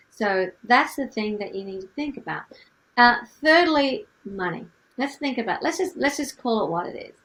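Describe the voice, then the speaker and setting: A middle-aged woman with a light Australian accent teaches music business with lively energy, firing off one rhetorical question after another. Her voice sits at a middle pitch with a noticeable gravelly fry at the ends of phrases. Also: rough recording. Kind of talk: teaching to camera.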